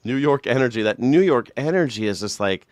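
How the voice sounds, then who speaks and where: A man's voice: medium pitch, animated, brisk, dry recording, studio quality. A man hosting a live reaction show, ranting in a profane, sarcastic way.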